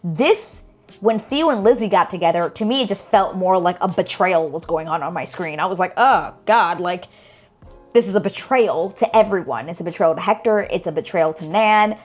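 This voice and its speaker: This young woman's TV reaction vlog is casual and animated, her exasperation coming through in constant uses of "like" and "girl." She speaks a little fast at a fairly low pitch, with faint music in the background.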